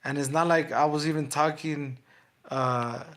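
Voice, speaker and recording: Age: young adult. Role: trash-talking male boxer. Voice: bright. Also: fairly high pitch, steady tone, unhurried. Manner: taunting, slangy and repetitive. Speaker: boxer on a livestream. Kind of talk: livestream trash talk to chat.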